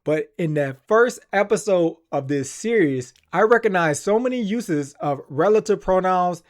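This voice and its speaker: A man's voice: high voice, lively intonation, moderate pace. A man hosting a language-learning channel, speaking earnestly and enthusiastically in a casual explanatory vlog.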